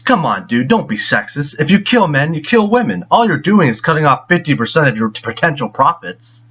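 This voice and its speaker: Sarcastic male movie reviewer, husky. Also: fairly high pitch, very animated, fairly quick, fairly bright tone. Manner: sarcastic, mocking. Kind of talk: scripted film review. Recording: dull lo-fi voice.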